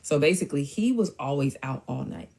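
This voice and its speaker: Woman, casual storytime, blunt, slangy, low voice, mellow. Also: lively intonation, fairly quick, vocal fry.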